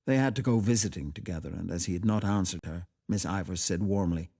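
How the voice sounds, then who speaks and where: Brief: man, low, warm timbre, measured radio story reading. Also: creaky.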